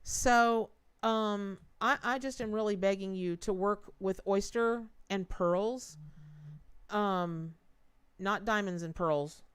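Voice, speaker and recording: A woman's voice: medium pitch, slow, clean tone. A woman giving a tarot reading on a live stream, chatty, repeating words for emphasis and talking straight to her viewers. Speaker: tarot reader.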